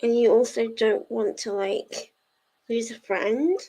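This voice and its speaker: Slow-talking high-voiced woman streamer. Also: steady tone, dark tone. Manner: chatty, giggly, lots of fillers. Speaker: livestream host of a reading sprint. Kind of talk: casual livestream chat reading out viewer messages.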